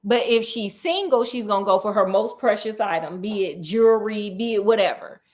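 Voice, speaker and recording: A woman's voice: medium pitch, normal speed, darkish tone, lightly acted. A woman voicing a brash, cocky male detective who talks in slang. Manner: boastful, slangy.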